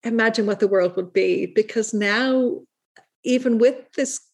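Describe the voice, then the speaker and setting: A middle-aged woman from Ireland with a soft Irish accent drifting toward American, speaking in a thoughtful, halting way as an author being interviewed. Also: fairly high pitch, vocal fry. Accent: soft Irish, shifting toward American. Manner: thoughtful, halting, many restarts and fillers. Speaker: author guest. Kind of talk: reflective interview talk.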